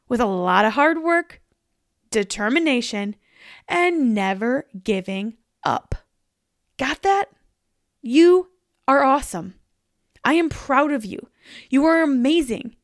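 A woman's voice: sits high, no echo, studio quality. A woman hosting a podcast, giving an upbeat, encouraging pep talk straight to the listener. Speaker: podcast host.

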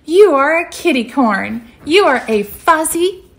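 A woman voicing a small female kitten who longs to be a unicorn, squeaky and excited. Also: measured pace, exaggerated voice.

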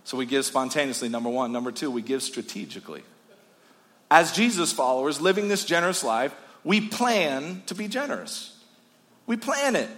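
A male pastor delivers a lively sermon in a bright, forceful voice that sits a little high for a man. He drives his points home through repetition and swings between loud bursts and quiet asides. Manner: energetic, emphatic preaching with repetition.

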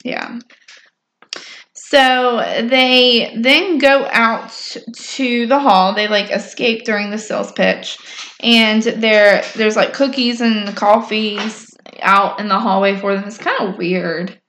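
A woman's voice: on the high side, fairly even intonation, takes it slowly, fairly bright tone, slight background noise. A woman casually recapping a story in a rambling, chatty way with lots of fillers. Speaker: podcast co-host recapping episodes. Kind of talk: casual chat.

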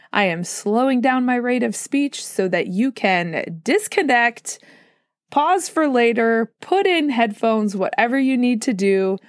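A woman's voice: mid-range voice, no room sound. Woman, podcast host, slightly sore throat, chatty, dry close sound. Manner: chatty, self-deprecating, laughs often. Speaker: podcast host, mental health clinician. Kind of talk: casual solo podcast monologue.

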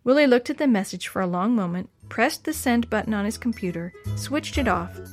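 A woman's voice: on the high side, lively intonation, fairly quick, soft background music. Woman reading a children's story aloud. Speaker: narrator.

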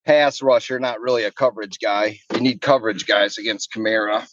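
A man co-hosting a casual sports betting podcast, animated and quick to laugh. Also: on the low side, dull audio, slight background noise. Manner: animated, laughing, swearing, voices others. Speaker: podcast co-host.

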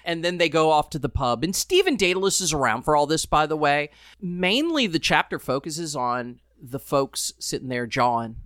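A woman's voice: sits low, animated, normal speed, a bit bright, no echo, studio quality. Chatty woman co-hosting a book podcast. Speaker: podcast co-host, journalist. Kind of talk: casual book discussion and reading aloud.

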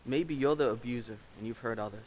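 A male pastor delivers an earnest, emotional sermon in a church, pleading with his listeners in a voice of ordinary middle pitch. A faint hiss runs under the recording. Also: fast talker, darkish tone, poor audio. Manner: earnest, pleading altar call.

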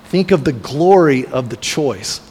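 A man's voice: medium pitch, expressive, a little slow, darkish tone, breathy edge. A man preaching a sermon as pastor, retelling a biblical story in a storytelling way and briefly acting out the voices of the people in it. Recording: long reverb of a large hall.

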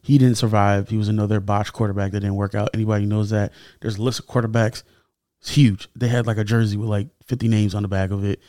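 A young man hosting a solo podcast, talking casually and with animated indignation, his voice jumping up when he gets heated. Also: on the low side, no room sound, clean studio sound. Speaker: podcast host.

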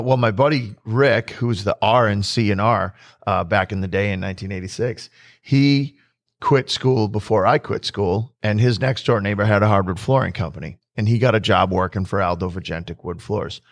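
A man chatting casually as a host, telling lively stories, acting out quotes and laughing often. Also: fairly low pitch, moderate pace, dry recording. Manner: animated storyteller, acts out quotes, laughs often. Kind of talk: casual storytelling chat.

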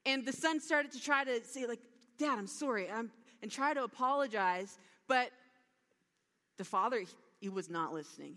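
A woman giving a sermon, retelling a parable with lively storytelling and acted-out lines. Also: fairly high pitch, moderate pace. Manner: animated storytelling with acted-out dialogue. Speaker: preacher. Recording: long hall reverb.

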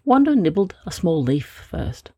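A woman reads a storybook in a gentle, expressive way, her voice low and swinging widely up and down. The sound is husky and dry, close to the microphone. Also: unhurried, no echo. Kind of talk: storybook reading.

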